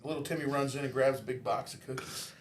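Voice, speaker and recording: A man's voice: mid-range voice, steady tone, quick pace, echoey room, a little hiss or hum. A man on a casual podcast telling a long joke, building to the punchline.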